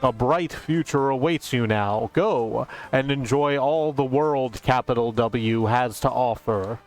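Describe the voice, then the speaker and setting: A man voicing a solemn, cryptic crystal spirit in a game, reading slowly. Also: medium pitch, faint music behind.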